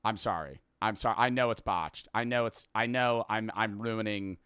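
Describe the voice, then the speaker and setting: A man's voice: fairly low pitch, normal speed, a bit bright, clean tone, no echo, studio quality. A man with a generic American accent, reacting in casual commentary, rambling and swearing, with many restarts. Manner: rambling, profane, restarts often. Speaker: host reacting to a street interview.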